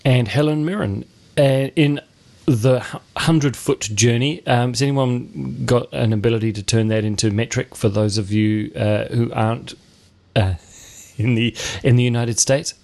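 A man's voice: mid-range voice, normal speed, creaky, darkish tone. A man hosting a casual film review chat, wry and rambling, with frequent restarts. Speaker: film review show host.

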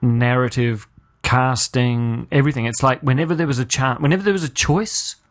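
A man hosting a podcast and giving a casual spoken review. He rants with sarcasm, restarts his sentences often, and his voice jumps up sharply when he is incredulous. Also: normal speed. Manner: exasperated ranting, pitch leaping up when incredulous. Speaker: podcast host.

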